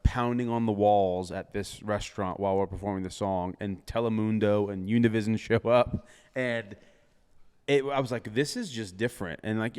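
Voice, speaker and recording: A young man, a DJ, telling a story in casual chat, animated, laughing often and filling with lots of "like". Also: on the low side, clean tone, long reverb tail. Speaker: DJ and podcast guest.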